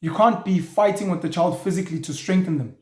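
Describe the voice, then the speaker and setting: A man's voice: sits high, fast talker, a little mellow. A man, hosting a show and ranting bluntly in an opinionated monologue, now and then swearing. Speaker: show host. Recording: echoey room.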